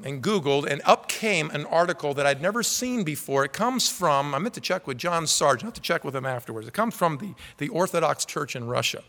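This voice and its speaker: A man's voice: a little high, pushed and bright, long reverb tail. A man preaching a sermon from the pulpit, earnestly reading aloud from a quoted article. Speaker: pastor. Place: church sanctuary.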